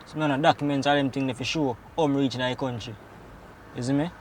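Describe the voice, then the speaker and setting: An actor in a crime drama, with a Jamaican accent, plays a deported man back home with his brother in Jamaican Patois film dialogue. He talks fast in a steady, mid-range, natural voice, rambling defensively and saying "you know" a lot, with slight background noise.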